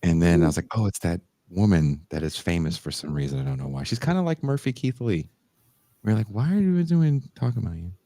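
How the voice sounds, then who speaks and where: A man co-hosting a podcast in casual chat, telling stories with animated delivery and mocking voices. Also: low-pitched, fast talker, no echo. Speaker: podcast co-host.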